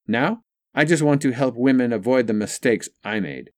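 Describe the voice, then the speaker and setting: A man's voice: medium pitch, lively intonation, normal speed, voice pushed up, lightly acted. A male narrator voicing a frank, wry young single mother in an audiobook story.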